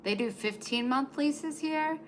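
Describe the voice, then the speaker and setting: Slow-talking woman cooing to her dog. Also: high-pitched, a little hiss or hum. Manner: chatty, coos to her dog in baby talk. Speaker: vlogger. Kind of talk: casual live-stream chat.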